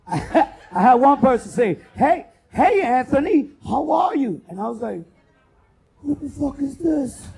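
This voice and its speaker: A man doing a loud, profane stand-up comedy set as host, working the crowd and acting out bits. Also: very high-pitched, vocal fry, slightly rough. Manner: loud, profane, animated crowd work with acted-out voices.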